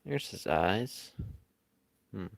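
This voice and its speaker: A man's voice: sits low, lively intonation, very slow, gravelly, no echo. A man chatting casually with his viewers as he draws live, in an easygoing, rambling way. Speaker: live-stream artist. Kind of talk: casual chat while drawing.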